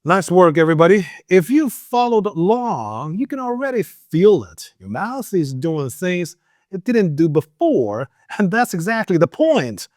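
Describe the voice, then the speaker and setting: A man who is not a native English speaker, teaching English pronunciation in a lively, coaching way with many fillers. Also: high voice, unhurried, no echo, studio quality. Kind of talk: pronunciation lesson.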